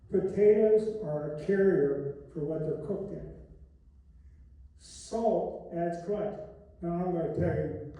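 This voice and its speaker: A man's voice: high-pitched, a little slow, mellow. An older man giving a live masterclass talk on restaurants, blunt and folksy, telling stories with salty asides. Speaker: restaurant expert speaker. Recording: echoey hall, speaker far from mic.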